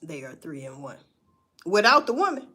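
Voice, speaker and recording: A woman's voice: deep voice, big pitch swings, normal speed, sharp tone, breathy edge. A woman, musing in a casual, profane monologue full of rhetorical questions. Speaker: vlogger.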